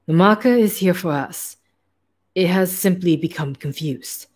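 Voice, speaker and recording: A man's voice: high voice, breathy edge. A woman putting on a frail German scientist. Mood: earnest. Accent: put-on German. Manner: formal, halting, pleading. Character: small frail male scientist, devout and earnest.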